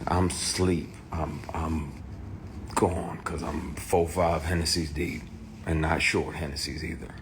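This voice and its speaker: A man's voice: extremely low pitch, flat delivery, takes it slowly, background noise. A man telling a personal story in a candid, profane way, heated and blunt. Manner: profane, heated, shouts in retold quotes. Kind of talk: candid personal account to camera.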